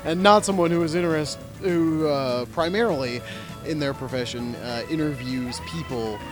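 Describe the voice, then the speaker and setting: A man's voice: on the high side, moderate pace, over music. A man co-hosting a podcast in casual chat, dry and playful, with wordy explanations. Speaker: podcast co-host.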